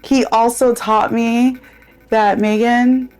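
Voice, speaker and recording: A young woman who owns a spa, telling stories in a casual, animated chat and laughing easily. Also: mid-range voice, moderate pace, soft background music. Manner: animated storytelling, bursts of laughter. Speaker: spa owner and podcast host.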